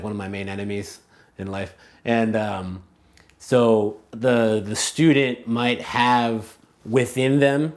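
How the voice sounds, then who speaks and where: Casual, low-voiced man thinking aloud. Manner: casual, animated, many "like" and "you know" fillers; thinks aloud, restarts phrases. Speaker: language coach, interview guest. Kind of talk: conversational interview answers.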